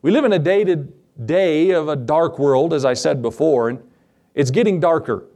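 A pastor delivers his sermon with a voice full of gravel and fry. His pitch sits a bit above the average man's. He stretches key words as he reads scripture and preaches. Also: moderate pace, warm tone.

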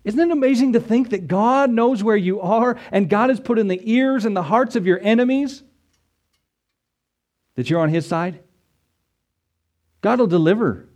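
A man with a somewhat high voice delivers an emphatic sermon. He moves between reading scripture and casual asides, acting out the story with lively, conversational energy. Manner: emphatic, animated preaching with conversational asides and dramatized quotes. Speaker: preacher.

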